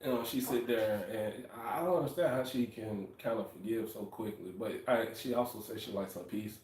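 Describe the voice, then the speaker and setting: A man co-hosting a casual talk show with his wife, telling stories in an animated way and acting out what people said. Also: lowish voice, a little fast. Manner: animated storytelling, acts out quotes. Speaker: podcast co-host, husband. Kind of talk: casual chat. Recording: echoey room, distant mic.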